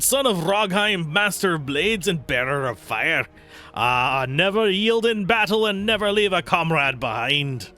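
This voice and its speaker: A gruff, booming dwarf warrior, as a man puts him on while reading game dialogue. The brogue wanders loosely around a Scottish sound. The delivery is loud, raised and proud, with bright, lively inflection. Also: heavily acted. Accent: put-on mixed Scottish-like brogue.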